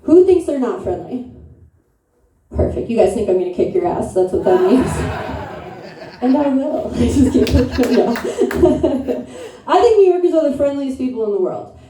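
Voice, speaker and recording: A woman in her thirties from upstate New York performs a brash, crude, self-mocking stand-up set in a comedy club. Her voice is high-pitched and sing-song, warm in tone, at a moderate pace. The room is echoey and the mic picks her up from a distance.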